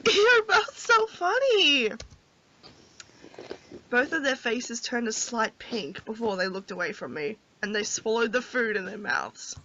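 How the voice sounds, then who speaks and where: A woman's voice: mid-range voice, expressive, normal speed, hardly any pauses, pushed and bright, a little hiss or hum. A woman reading a visual novel's narration aloud and chatting about it, giggly and chatty between the lines. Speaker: gamer, host. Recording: dull lo-fi audio.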